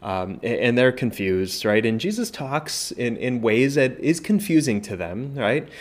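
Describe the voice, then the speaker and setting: A man's voice: medium pitch, animated, unhurried. A man pastor teaching a Bible passage in a conversational way, often asking "right?" and restarting his sentences. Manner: conversational, many "right?" tag questions and restarts, rises when voicing Jesus. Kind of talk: informal Bible study teaching.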